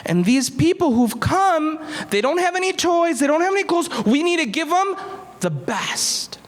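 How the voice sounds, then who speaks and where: A man telling a story to children, dramatic, swinging between loud bursts and hushed whispers. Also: very high voice, big pitch swings, moderate pace. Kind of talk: animated storytelling for kids.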